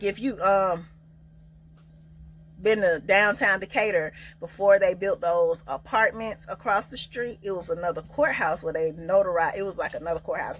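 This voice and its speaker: A young woman telling a casual storytime, loud and sassy, acting out each quote. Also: poor audio. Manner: animated, acts out quotes with big pitch jumps; loud, sassy, Southern Black vernacular. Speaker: storyteller vlogger.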